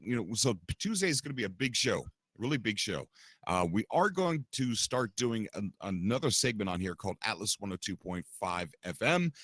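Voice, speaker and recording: A man's voice: lowish voice, fairly bright tone, no echo, studio quality. A man hosting a livestream podcast, chatting casually and rambling straight to his viewers. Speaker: podcast host and streamer.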